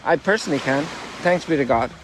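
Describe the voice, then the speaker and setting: Higher-voiced priest on a windy lakeside stroll. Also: male voice, animated. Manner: reflective, exclaims with wonder, reads scripture slowly and emphatically; strolling while talking. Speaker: Catholic priest. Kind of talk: spiritual reflection on a walk. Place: outdoors by a lakeshore at sunrise.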